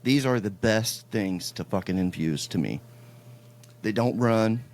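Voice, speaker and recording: Chill guy hosting a podcast, lowish voice, rambly laid-back stories. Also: measured pace, darkish tone. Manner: laid-back storytelling, swears casually. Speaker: podcast host. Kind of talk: casual chat.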